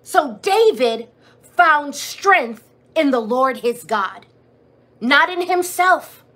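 High-voiced woman preaching fervently. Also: animated, takes it slowly, pushed and bright. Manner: fervent, repetitive preaching with rhetorical questions. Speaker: preacher leading prayer. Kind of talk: sermon. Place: church or streamed prayer service.

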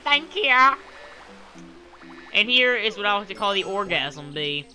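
Rambling, pun-making young gaming commentator. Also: male voice, high-pitched, very animated, unhurried, pushed and bright, soft background music. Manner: rambling, jokey, making puns and goofy voices. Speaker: gaming channel host. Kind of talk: let's play commentary. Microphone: headset.

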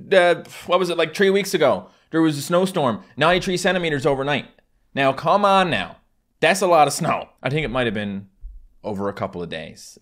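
This is a casual Q&A from a Newfoundland, Canada man in his twenties, his mid-range voice fairly bright and carrying a Newfoundland accent. He works through fan questions on his channel, wandering off topic and joking in local phrasing.

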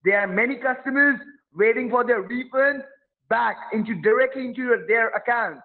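High-voiced threatening man on a phone line. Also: moderate pace. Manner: aggressive, threatening, pushy, repeating himself. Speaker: phone scammer posing as support agent. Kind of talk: heated phone call.

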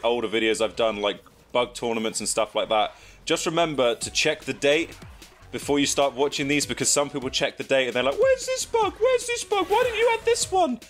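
Excitable English guy narrating a game. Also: medium pitch. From England. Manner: chatty, jokey, bursts into excited shouts. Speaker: gaming YouTuber. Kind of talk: excited gameplay commentary.

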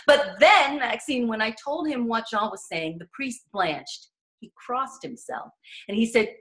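A woman's voice: on the high side, expressive, measured pace, fairly bright tone. A woman author who tells her stories emphatically as an interview guest, acting out the voices of the people in them. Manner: earnest and emphatic. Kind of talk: animated personal storytelling.

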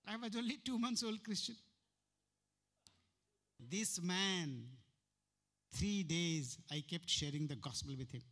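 A man with an Indian English accent preaching a sermon as pastor, firing rhetorical questions and jumping sharply in pitch and volume. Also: takes it slowly, pauses often. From Uttarakhand, India. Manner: sudden sharp jumps in pitch and loudness.

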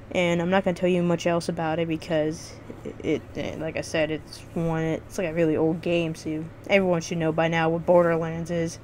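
A woman's voice: fairly low pitch, darkish tone, a little hiss or hum. A woman vlogging casual game reviews, rambling and swearing freely with lots of restarts.

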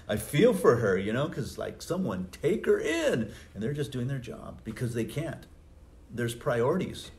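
A middle-aged man preaches from the pulpit in an easy, anecdotal way, often breaking into a chuckle. His voice sits a little low. Faint noise hangs under the recording. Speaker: pastor. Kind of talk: sermon.

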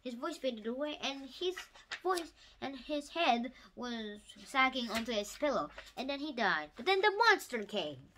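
Give me a woman with a lively, swooping voice who retells a story in a halting, casual way, with sudden loud bursts. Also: sits high, noisy background. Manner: halting, with restarts and loud excited outbursts. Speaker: YouTube storyteller.

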